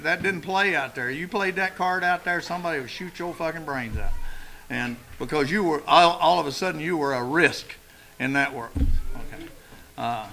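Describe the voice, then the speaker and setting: A man's voice: fairly high pitch, creaky, pushed and bright, low-quality recording. An older man speaking at a recovery meeting, telling his story in a blunt, profane, storytelling way. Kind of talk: personal recovery talk. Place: meeting room.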